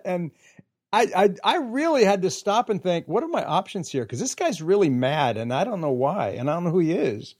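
High-voiced man telling a lively story. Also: brisk. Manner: animated storyteller, acts out quotes, laughs often. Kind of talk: casual storytelling chat.

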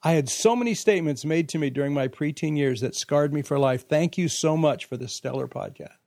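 A man's voice: on the high side, fairly quick, a little mellow, dry recording, studio quality. A man hosting a faith podcast, talking casually and reading listener emails aloud in a reflective, earnest way. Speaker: podcast host.

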